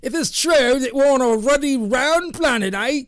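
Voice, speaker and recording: A man putting on a loud mock-Australian bloke. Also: normal speed, dry recording, studio quality. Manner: loud, high and teasing. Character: brash Australian man mocking Americans.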